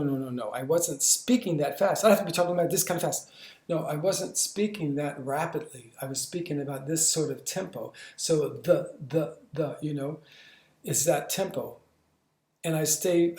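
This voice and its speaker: Male teacher, a bit high-voiced, demonstrative and animated, with stammering restarts; echoey room. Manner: demonstrative, acts out sounds and movements. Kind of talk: instructional lesson.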